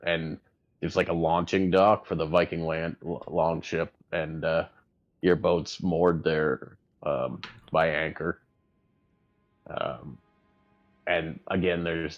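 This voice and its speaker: A man running a tabletop game as game master, narrating in a relaxed, chatty way. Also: sits low, highs cut off.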